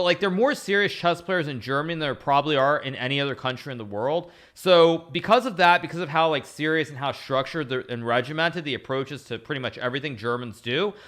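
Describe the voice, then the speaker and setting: A man with a bright voice, set a little high, chats his way through a live chess analysis. He rambles, circles back to repeat himself and thanks viewers between moves in a loose, casual stream style. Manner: chatty, rambling, repeats phrases.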